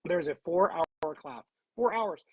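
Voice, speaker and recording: A woman with a husky, slightly breathy voice hosts a casual live stream. She is upbeat and talkative and keeps calling her viewers "guys". The sound is dry and close, as on a video call. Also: fairly low pitch, expressive, slow pace, dry recording. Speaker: host.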